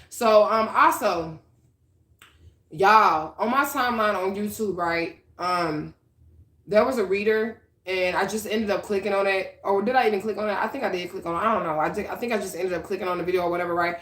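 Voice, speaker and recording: Cussing psychic lady going off at her followers, mid pitch, echoey room. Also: fairly quick, a bit bright. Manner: profane, combative, talks straight to her followers. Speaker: psychic reader. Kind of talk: rambling vlog rant.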